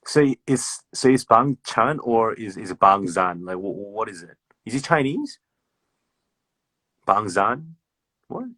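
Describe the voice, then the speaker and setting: Aussie bloke on a phone live, low voice, swears a lot, dry close sound. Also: male voice, animated, unhurried, long pauses, breathy edge, no room sound. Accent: Australian. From Australia. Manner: loose and profane, laughing, repeats words. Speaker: livestream host chatting with fans. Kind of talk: casual livestream chat.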